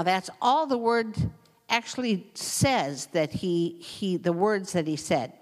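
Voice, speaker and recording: A folksy woman teaching from the Bible in a relaxed, conversational way, reading verses aloud and joking between them. Her voice sits at a middle pitch and carries a long reverb, as if spoken in a large hall. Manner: folksy, chatty, laughs often, reads scripture aloud.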